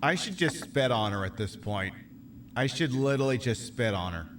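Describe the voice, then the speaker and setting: A man's voice: medium pitch, animated, normal speed, a bit bright. A man giving casual gameplay commentary as a streamer, profane, ranting and sardonic. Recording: noisy ambience behind.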